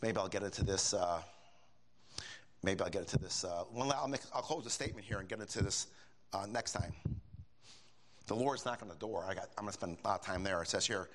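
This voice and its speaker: An older man preaching a sermon in a folksy, animated way, with emphatic high bursts and casual asides. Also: a little fast, long pauses.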